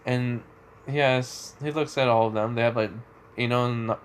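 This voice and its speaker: A man tells a story in a loose, casual way, stopping and restarting, filling gaps with "like". His voice sits at an everyday middle pitch, with faint noise in the recording. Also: fairly even intonation, moderate pace. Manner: rambling, full of "like" and restarts.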